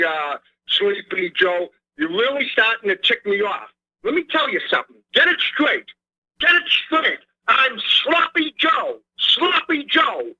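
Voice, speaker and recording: Man doing cranky older Boston politician impression, repetitive scolding, bright tense voice, muffled phone. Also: high-pitched, full character voice. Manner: rambling, scolding, repeats himself. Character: impression of an older male presidential candidate with a Boston accent, irritated.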